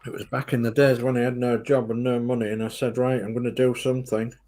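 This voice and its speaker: A man's voice: medium pitch, flat delivery, quick pace, mellow. A man in easygoing casual chat, telling small everyday anecdotes.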